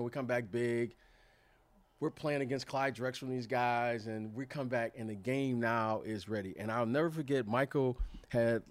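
A man in his fifties tells his stories with animated energy. He often stumbles over and repeats words as he builds up to the point. He slips into quoted voices along the way. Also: mid-range voice, dry recording. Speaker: former pro basketball player, guest. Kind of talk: casual storytelling.

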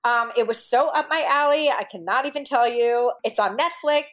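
A woman co-hosting an interview podcast, cheerful and quick to laugh. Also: a little high, a bit bright. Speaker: podcast co-host. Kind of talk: casual interview chat.

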